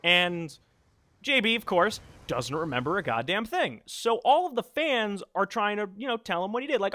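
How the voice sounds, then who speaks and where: A young man casually telling a funny story to the camera, animated and self-mocking. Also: high voice, fairly quick, dry recording, studio quality. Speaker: vlogger.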